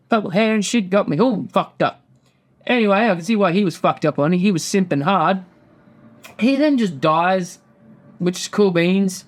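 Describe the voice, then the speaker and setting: A man with a high voice recaps loosely as host. He rambles, swears freely and slips into quick acted-out quotes. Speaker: podcast host. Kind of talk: casual profane recap.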